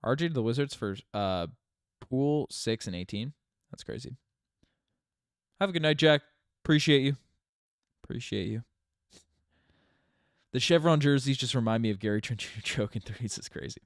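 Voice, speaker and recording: A man's voice: mid-range voice, lively intonation, normal speed, pauses often, dry recording, studio quality. A young man from Newfoundland with a light Newfoundland accent, hosting a rambling, chatty live stream with many restarts and laughs. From Newfoundland, Canada. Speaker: channel host. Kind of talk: casual live stream chat.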